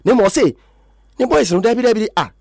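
A man with a Ghanaian accent presenting sports news in an excited way, acting out quotes from players and coaches. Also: high voice, fast, vocal fry, dry recording, clean studio sound. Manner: excitable, mixes languages, acts out quotes. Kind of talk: animated sports talk.

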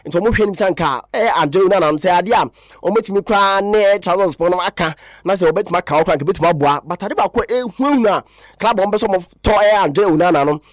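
Here a Ghanaian-accented man runs a sports talk radio program, moving between languages as he rambles through player name lists. He talks fast in a high voice. The sound is clean studio audio with no echo.

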